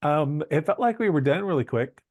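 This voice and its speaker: A man's voice: a little high, lively intonation, fairly quick, dry recording, studio quality. Chatty man hosting a church podcast. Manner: chatty, rambling with fillers and asides. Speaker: church podcast host and musician. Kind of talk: casual podcast chat.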